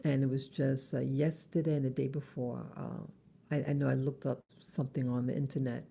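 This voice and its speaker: A middle-aged woman talking in a halting, casual vlog monologue in her early-morning voice, with many restarts. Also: very deep voice, little pitch movement, creaky, dark tone, husky. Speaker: vlogger.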